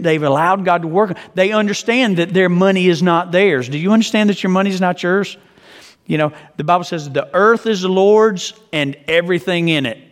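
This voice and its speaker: Earnest man preaching in a reverberant hall. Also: sits high. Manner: earnest, conversational preaching with rhetorical questions. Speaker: pastor. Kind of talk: sermon.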